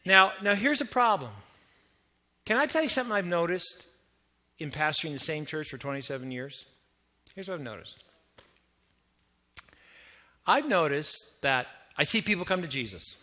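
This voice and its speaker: Bright-voiced Canadian pastor preaching. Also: male voice, a little high, normal speed, pauses often. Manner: lively, conversational, asks the congregation questions. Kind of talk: sermon.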